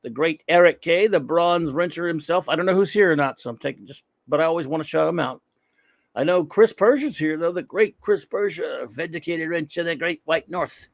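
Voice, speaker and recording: A man hosts his livestream with loud, energetic shout-outs. His voice sits a little high and has a gravelly edge. The sound is dry and close. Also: brisk, no room sound. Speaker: livestream host. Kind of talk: casual livestream chat.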